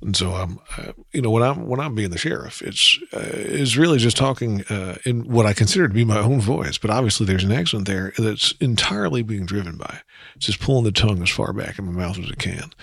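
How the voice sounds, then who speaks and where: A man's voice: fairly low pitch, expressive, brisk, gravelly, a bit bright, breathy edge, dry recording, clean studio sound. A man with a New Jersey accent hosting a casual solo podcast, chatty and rambling with self-deprecating asides. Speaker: podcast host.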